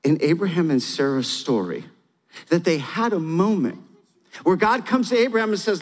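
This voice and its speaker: A man's voice: high voice, lively intonation, moderate pace. A middle-aged man preaching, telling stories, asking the crowd questions and repeating key phrases. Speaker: pastor. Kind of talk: sermon. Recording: long hall reverb.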